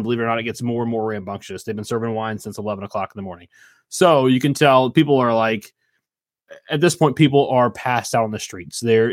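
A man's voice: medium pitch, no echo. A man narrating as game master of a tabletop game, casual and rambling. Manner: casual, rambling, laughs often.

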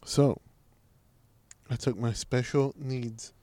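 A man co-hosting a podcast in a laid-back, low-key way, joking crudely and sounding sleepy. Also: steady tone, takes it slowly, mellow. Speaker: podcast co-host. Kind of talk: crude casual banter.

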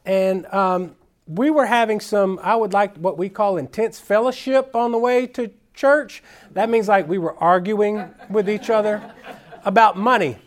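A man and father telling his faith story at a conference, candid and self-deprecating, with halting restarts. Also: high voice. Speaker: conference speaker. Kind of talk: personal testimony talk.

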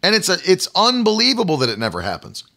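A man's voice: high-pitched, wildly swooping pitch, fast talker, creaky, bright, forceful tone. A man preaching a livestreamed sermon, emphatic and repetitive, stopping to talk to his online viewers. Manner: emphatic, repeats phrases, talks to online viewers.

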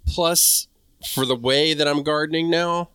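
Bright smooth-voiced man chatting casually. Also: on the high side, fairly even intonation, unhurried, no room sound, clean studio sound. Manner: candid, chatty, rephrases mid-sentence. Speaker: podcast co-host. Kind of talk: casual gardening chat.

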